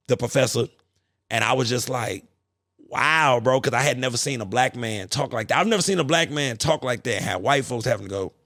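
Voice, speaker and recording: A man hosting a podcast, ranting in a casual, profane, animated monologue. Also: medium pitch, vocal fry, no room sound, studio quality. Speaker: podcast host.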